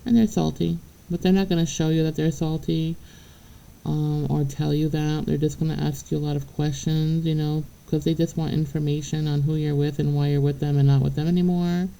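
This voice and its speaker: A woman's voice: sits low, flat delivery, brisk, vocal fry, warm tone, poor audio. A woman giving a casual spiritual reading straight to the viewer, blunt and profane, chatty and laughing between points. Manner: blunt and profane, keeps checking in with "okay?". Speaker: tarot reader.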